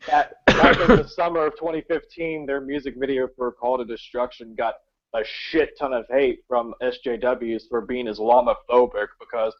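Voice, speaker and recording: A man's voice: medium pitch, fairly even intonation, moderate pace. A man ranting heatedly on a casual stream, swearing often. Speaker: musician and video maker. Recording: dull lo-fi mic.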